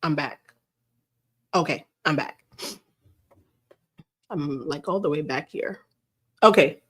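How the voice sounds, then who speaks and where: A woman's voice: low-pitched, takes it slowly, breathy edge. A woman hosting a casual livestream, reading a news article aloud and mocking it with sarcastic, incredulous remarks and frequent laughter. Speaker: livestream host. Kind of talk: casual commentary on celebrity news. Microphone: live stream camera setup.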